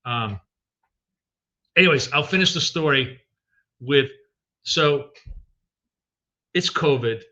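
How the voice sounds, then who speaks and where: A man's voice: mid-range voice, takes it slowly, long pauses, bright, forceful tone, highs cut off. A middle-aged man hosting a live trading stream, chatting casually and rambling with many ums and restarts.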